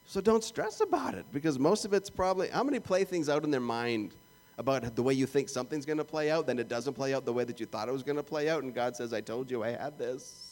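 A man's voice: medium pitch, quick pace, a little mellow. A man with a Canadian accent preaching a sermon in a conversational, joking way, acting out little prayers and asides. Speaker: pastor.

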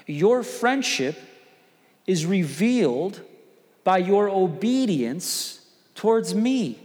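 Animated man preaching in an echoey hall. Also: high voice. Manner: conversational, animated storytelling. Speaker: pastor. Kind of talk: sermon.

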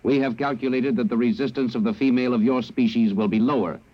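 An actor playing a cold, logical male alien who speaks in a flat, measured, emotionless way, in an old radio drama. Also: mid-range voice, close to an everyday voice. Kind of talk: 1950s radio drama acting. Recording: dull lo-fi old radio broadcast.

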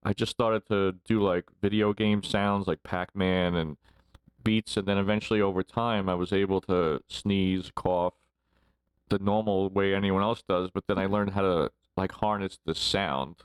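A man's voice: low voice, fairly even intonation, moderate pace, clean tone, no room sound. A man in his forties, a podcast guest telling rambling stories and laughing often as he talks. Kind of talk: casual storytelling interview.

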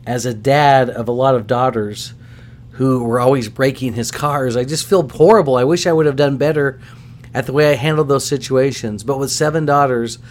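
A middle-aged man hosting a podcast, telling stories casually in an animated, self-deprecating way. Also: medium pitch, normal speed. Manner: animated, self-deprecating, acts out voices in anecdotes. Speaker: podcast host. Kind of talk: casual storytelling.

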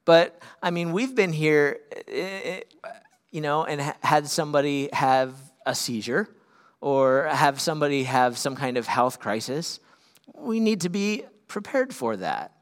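A man preaching a sermon as pastor, swinging from loud, urgent peaks down to quiet, earnest lows.

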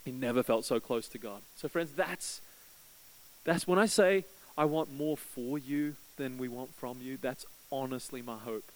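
A man preaching from the pulpit, his voice sitting in a middle register. He tells a story casually and warmly, lifting his pitch when he acts out desperate prayers. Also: measured pace, low-quality recording. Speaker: pastor. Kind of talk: sermon.

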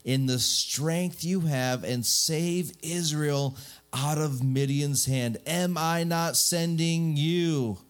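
A man giving voice to God, slow and solemn. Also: on the high side, steady tone, faint music behind, voice pushed up. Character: God, calm and commanding.

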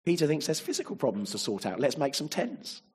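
A man's voice: on the high side, huge pitch swings, brisk, breathy edge. A man preaching a sermon, emphatic and fond of rhetorical tag questions.

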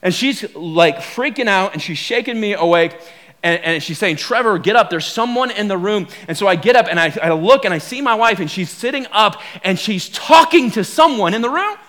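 A male pastor delivers a sermon as a lively personal story. His voice sits high and bright, leaping up and down as he acts out the quoted lines. He talks in restless bursts, repeating words and filling gaps with fillers. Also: normal speed.

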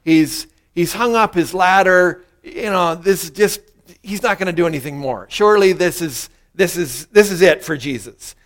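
A man's voice: sits high, normal speed, a bit bright. A man preaching a sermon, earnestly walking through a passage and leading the congregation in a spoken prayer. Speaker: pastor.

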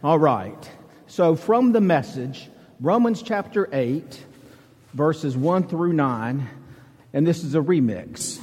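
A man's voice: fairly high pitch, lively intonation, takes it slowly, mellow, slightly rough. A middle-aged man from Alabama with a Southern accent, preaching a conversational sermon as a guest preacher, joking and folksy. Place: church sanctuary. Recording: reverberant church hall.

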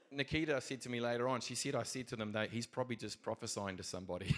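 A man's voice: medium pitch, rapid-fire, few pauses, fairly bright tone, a little hiss or hum. A middle-aged man with a New Zealand accent telling a faith story in a casual, rambling, earnest way, with many restarts. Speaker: Christian speaker telling a testimony.

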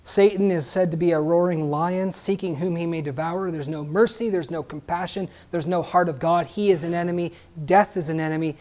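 A man's voice: fairly high pitch, steady tone, moderate pace, few pauses, darkish tone. A man preaching a sermon emphatically, asking the congregation questions and adding joking asides.

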